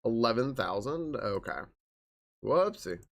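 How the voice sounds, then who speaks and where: A man's voice: medium pitch, big pitch swings, a little slow, gravelly, a bit bright. A young man live-streaming a game, chatting in an upbeat way and greeting his viewers one after another.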